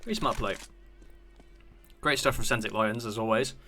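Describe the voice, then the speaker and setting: A man's voice: on the low side, moderate pace, pushed and bright, faint music behind. A man in his thirties from the UK casting an esports match alone, chatty and talking to his stream chat between plays. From United Kingdom. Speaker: esports caster. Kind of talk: solo play-by-play game commentary.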